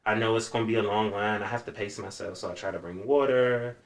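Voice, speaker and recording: A man chatting as a podcast guest, animated and self-described dramatic, acting out his own reactions as he tells stories. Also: fairly low pitch, fast talker, gravelly. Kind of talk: casual chat.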